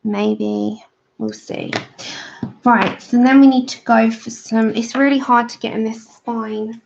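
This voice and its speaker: Lady coloring on a livestream, slow chatty, bit of vocal fry, slightly muffled audio. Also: fairly high pitch, steady tone, a little mellow, a little hiss or hum. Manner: chatty, reads out and answers live chat. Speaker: livestream host. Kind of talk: casual chat while coloring. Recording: slightly dull lo-fi sound.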